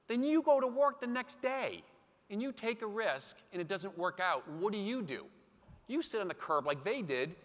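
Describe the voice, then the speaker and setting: A bright, forceful middle-aged man delivers a motivational keynote from a conference stage. His voice sits a touch high and rings with a long hall reverb. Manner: animated storytelling, acts out scenes. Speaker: keynote speaker.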